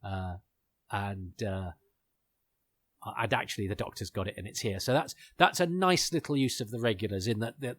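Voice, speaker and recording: A man's voice: fairly low pitch, a bit bright, dry recording. A man hosting a podcast, chatting casually and enthusiastically with lots of fillers and digressions. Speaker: podcast host. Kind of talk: casual commentary chat.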